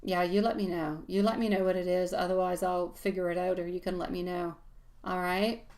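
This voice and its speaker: A woman's voice: fairly low pitch, flat delivery, fairly quick, darkish tone. A woman giving a live-stream tarot reading, calling viewers sweetie in an affectionate, reassuring way. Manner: affectionate, calls listeners sweetie; soothing, reassuring advice. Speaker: tarot reader.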